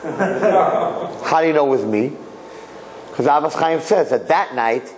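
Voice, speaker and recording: A rabbi telling a religious story to listeners in a conversational way, asking rhetorical questions and repeating phrases. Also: male voice, on the high side, lively intonation, normal speed, long pauses, a little mellow, low-quality recording. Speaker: rabbi giving a Torah talk.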